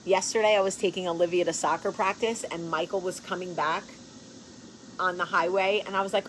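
A woman in her forties hosting a casual chat to camera. She is blunt, profane and joking, laughs often, and swings from hushed earnest talk to loud animated bursts. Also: fairly low pitch, a little fast, very noisy. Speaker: show host.

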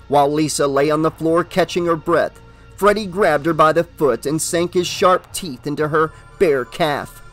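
A man reading a horror novel aloud as an audiobook, with steady, dramatic narration. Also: on the high side.

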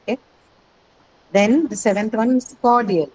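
A woman's voice: a little high, unhurried, darkish tone, husky, low-quality recording. A woman English teacher taking an online class, explaining word stress patiently and confirming answers with "correct" and "that's right".

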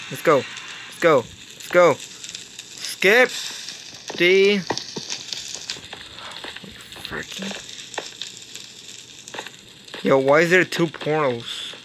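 A man giving Minecraft gameplay commentary, excitable and yelling in frustration. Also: sits high, a little hiss or hum. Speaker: gaming YouTuber.

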